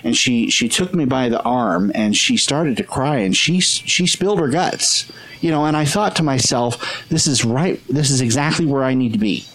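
A man's voice: mid-range voice, lively intonation, normal speed, a bit bright, poor audio. A middle-aged man, a street portrait photographer, earnestly telling stories in a podcast chat and acting out the voices of the people he quotes. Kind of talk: conversational storytelling.

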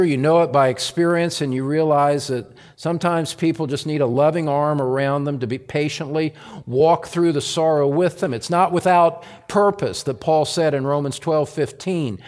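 A man's voice: a little high, a little mellow, long reverb tail. A man preaching an earnest expository sermon, reading scripture aloud and explaining it.

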